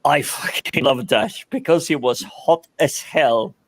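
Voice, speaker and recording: A man's voice: mid-range voice, expressive, measured pace, dry recording. A man hosting a casual panel chat, cheeky and prone to repeating words. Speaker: host.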